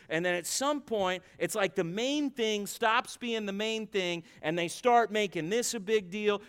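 A pastor preaches a sermon in church, emphatic and repetitive. His voice is high with a fairly bright tone.

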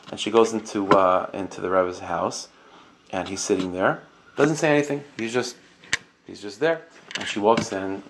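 A man giving a casual storytelling sermon, speaking loosely with many fillers and Hebrew and Yiddish terms. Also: fairly low pitch. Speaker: rabbi giving a talk. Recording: noisy recording.

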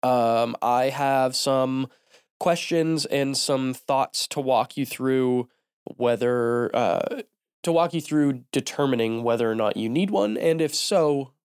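A man's voice: medium pitch, slow pace, clear, resonant tone, dry recording, clean studio sound. A man hosting a small business podcast, talking casually with a stuffy, nasal voice from a cold and lots of ums. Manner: relaxed, many ums and uhs. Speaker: podcast host. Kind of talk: casual solo podcast talk.

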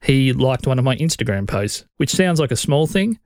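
A man's voice: medium pitch, lively intonation, moderate pace, darkish tone, no room sound. Blunt Australian man, dry close mic. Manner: blunt, conversational, opinionated. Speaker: podcast host. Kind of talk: solo podcast advice.

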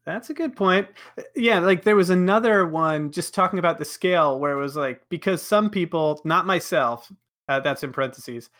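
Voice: medium pitch, fairly bright tone. A podcast host in a casual group chat, laughing often while leading the discussion.

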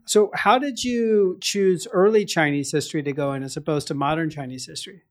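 Interviewer, casual questions, thoughtful, hesitant, middle pitch. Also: brisk.

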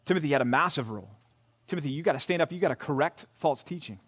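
Male pastor, high-pitched, casual and emphatic preaching style, repeats key words for emphasis. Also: lively intonation, fast, fairly bright tone, slightly rough. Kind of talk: sermon to a college group. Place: church meeting room.

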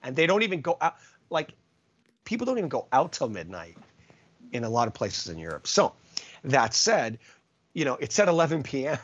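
A man, a touring musician, telling lively anecdotes in a casual interview, full of asides. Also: mid-range voice, a little fast, long pauses, muffled recording. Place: California.

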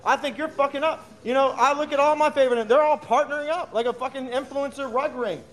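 A man's voice: very high-pitched, fairly even intonation, quick pace, a bit bright. A man co-hosting a casual live chat, ranting sarcastically and swearing a lot. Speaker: co-host.

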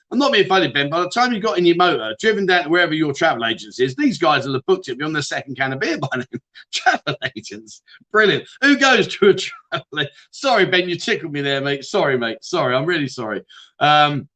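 A man's voice: a little high, sharp tone. A man hosting a casual livestream, reading out viewer comments and teasing them with banter. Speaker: livestream host.

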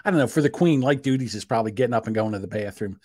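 A man's voice: mid-range voice, animated, rapid-fire, a little mellow, no echo, clean studio sound. A man co-hosting a casual podcast, rambling and joking and laughing often. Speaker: podcast co-host.

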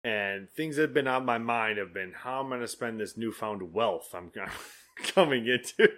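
This man co-hosts a casual podcast, telling stories animatedly and swearing freely as he chats. His voice sits in the mid range, and he speaks at a normal speed.

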